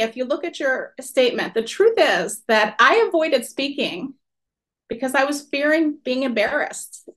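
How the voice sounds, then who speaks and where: A woman in her forties telling a personal story to a workshop audience in an animated, expressive way. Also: high voice. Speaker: workshop speaker.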